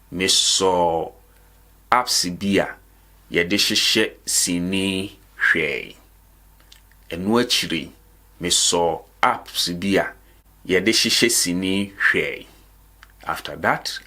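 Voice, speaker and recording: Slow, deep-voiced male language teacher. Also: pushed and bright. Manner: repeats phrases, asks and answers his own questions. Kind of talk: slow repetitive language lesson.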